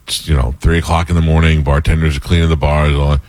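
A man hosting a casual talk show, telling animated stories with laughter. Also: a bass voice, fast talker, no room sound. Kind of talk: casual storytelling chat.

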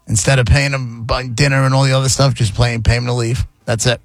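A male radio co-host with a gravelly, fry-heavy voice, recorded dry and close in the studio. He sits at an ordinary male pitch and cuts in with short, blunt wisecracks and teasing questions. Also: level tone, fairly quick, dry recording, faint music behind. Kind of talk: casual studio chat.

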